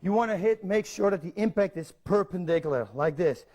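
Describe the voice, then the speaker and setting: Middle-aged man w a high voice coaching kicks on tape, short direct commands, counts em out. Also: brisk, darkish tone. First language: Dutch. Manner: direct coaching, counts steps, repeats cues. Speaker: martial arts instructor. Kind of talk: instructional video demonstration. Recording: instructional videotape.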